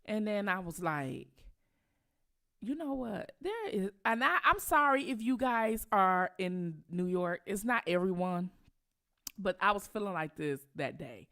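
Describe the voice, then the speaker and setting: A woman's voice: fairly low pitch, animated, measured pace, pushed and bright. A woman from Detroit with a Detroit accent, hosting casual commentary, emphatic and outraged, repeating herself for effect. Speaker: commentary channel host.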